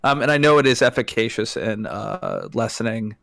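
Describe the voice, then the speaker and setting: A man, a high school teacher, joking and chatting casually on a live game stream with many fillers. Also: huge pitch swings, normal speed, vocal fry, fairly bright tone, no room sound. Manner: jokey, hesitant with fillers. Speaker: teacher and co-host.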